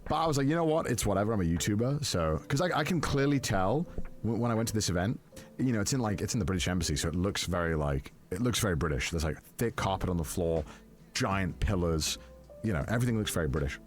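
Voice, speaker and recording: A man's voice: low-pitched, animated, fast talker, soft background music. A man, a YouTuber telling a rambling story in casual chat, full of fillers and restarts. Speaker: YouTuber host.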